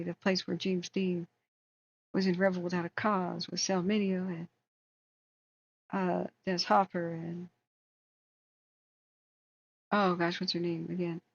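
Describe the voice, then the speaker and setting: A creaky, lowish, slightly rough voice belongs to an American woman running a long wildfire-tracking livestream. She chats casually and opinionatedly, rambling and reading viewer comments out loud. Sound quality is dull and lo-fi.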